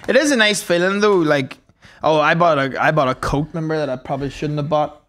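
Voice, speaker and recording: A man's voice: on the high side, fairly quick, fairly bright tone. A man, co-hosting a podcast and telling sweary, joking anecdotes. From Northern Ireland. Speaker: podcast co-host. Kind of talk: casual chat.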